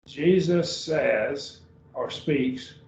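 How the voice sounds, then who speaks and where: A man's voice: a little high, drawn-out words, creaky, darkish tone. A man teaching a beginning Greek class at a church, patient and often checking whether students follow. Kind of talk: classroom lesson. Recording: dull roomy sound from far off.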